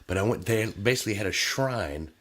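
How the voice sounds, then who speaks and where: A man hosts a casual podcast chat, his lower voice bright and forward. His pitch swings widely as he tells stories, and he laughs often between lines. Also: fairly quick. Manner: animated, laughing storyteller. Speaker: podcast host.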